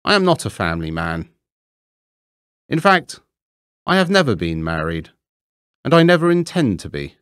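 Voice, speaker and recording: A man's voice: mid-range voice, sing-song, normal speed, pauses often, a bit bright, smooth, dry recording, clean studio sound. A man voicing a pompous, self-important old male water rat in a storybook reading.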